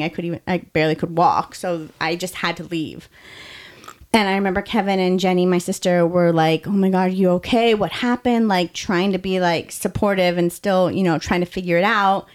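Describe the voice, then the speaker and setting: A young adult woman hosting a podcast, telling her own story in a candid, heartfelt way with quick bursts of speech. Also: lowish voice.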